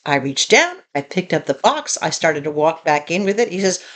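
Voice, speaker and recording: A woman vlogger telling a story casually to her viewers, in an animated, indignant way. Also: low voice, normal speed. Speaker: tiny home vlogger.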